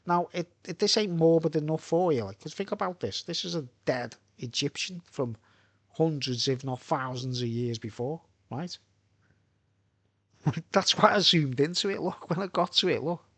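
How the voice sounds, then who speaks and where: In a dry recording, a man with a fairly high voice, a vlogger from Birkenhead, England, talks in his Merseyside accent. His live monologue wanders through tangents, peppered with the tag question "right?"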